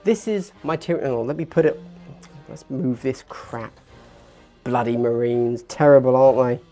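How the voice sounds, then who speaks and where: A man in his thirties hosting a casual hobby livestream, chatty and animated, getting worked up and poking fun at himself. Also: medium pitch, moderate pace. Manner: chatty, animated, gets worked up and self-deprecating. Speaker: livestream host. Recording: faint background music.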